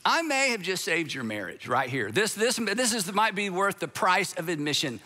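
A man delivers a sermon-style talk in a high, bright voice. He is emphatic and conversational, and he drops sarcastic asides as he speaks. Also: very animated, normal speed, hardly any pauses.

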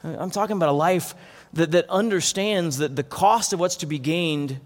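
A man's voice: on the high side, moderate pace. Earnest male pastor in a reverberant hall. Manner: earnest, repeats words as he restarts. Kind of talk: sermon. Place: church hall.

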